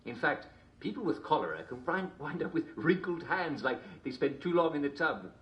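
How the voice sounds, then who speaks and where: An actor playing a cheery, smooth TV host in a video game broadcast, with an upbeat announcer delivery. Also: male voice, fairly high pitch, lively intonation, normal speed, a bit bright. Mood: chipper. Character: cheery smooth male TV host of a dystopian show.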